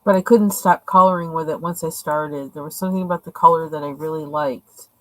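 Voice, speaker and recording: A woman with a fairly low voice talks casually at home, showing her coloring pages and thinking aloud. Her chat is loose and rambling, full of small asides. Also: fairly even intonation, fairly quick, no echo, rough recording. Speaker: coloring channel host. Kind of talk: casual show-and-tell.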